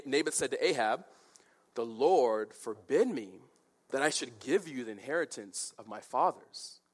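A male preacher with a fairly high voice, working through a scripture passage. His pitch swings widely as he talks, and he drops into casual asides to make his points. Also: husky. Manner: animated, conversational, with quick asides. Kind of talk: expository sermon.

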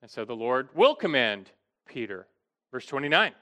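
A man's voice: mid-range voice, big pitch swings, moderate pace, pushed and bright. A middle-aged man preaching an expository sermon, earnest and emphatic, often restarting his phrases.

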